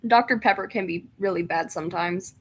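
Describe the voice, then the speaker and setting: A woman's voice: fairly low pitch, fairly quick, husky. A young woman streaming a game, chatting casually, laughing often and reading game text aloud. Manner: giggly, reads chat and game text aloud.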